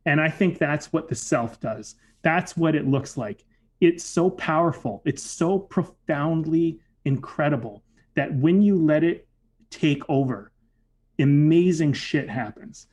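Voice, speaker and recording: A man's voice: on the high side, a little slow, a little mellow. A man casually telling a personal story, reflective, with lots of "like" and "you know" fillers. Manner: reflective, filler-heavy with frequent "like".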